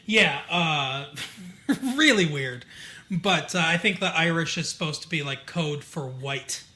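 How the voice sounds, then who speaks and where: A man's voice: a little high, expressive, a little slow, sharp tone. A man from Michigan co-hosting a podcast, recapping a TV episode in a chatty, digressive way with lots of fillers. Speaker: podcast co-host. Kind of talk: casual chat recapping a TV episode.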